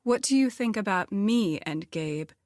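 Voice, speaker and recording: A woman voicing a soft-spoken widowed mother of teenagers in an audiobook, close to a dry studio mic. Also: mid-range voice, expressive, measured pace, no room sound, lightly acted. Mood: gentle. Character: warm widowed mother of teens.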